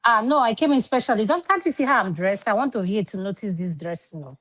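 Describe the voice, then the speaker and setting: A woman's voice: medium pitch, lively intonation, quick pace, a bit bright, rough recording. A Nigerian woman moderator on an online panel, chatty and assertive. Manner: assertive and chatty, pleading then scolding.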